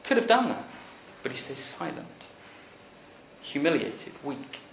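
A man preaching a conversational sermon, animated, rising to emphatic peaks and then dropping quiet. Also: a little high, unhurried, gravelly, a little hiss or hum. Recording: echoey church hall recording.

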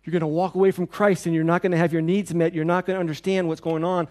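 A pastor preaching a sermon in a church, with an earnest, repetitive cadence. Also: male voice, a little high, little pitch movement, fast talker, darkish tone.

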